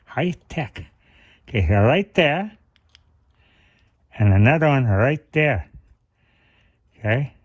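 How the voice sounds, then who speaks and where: A middle-aged man talks through a hands-on repair in a slow, unhurried way, thinking aloud as he works. His pitch sits in a plain middle range. At times his words come out muffled around a flashlight held in his mouth. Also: very animated. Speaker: car repair channel host.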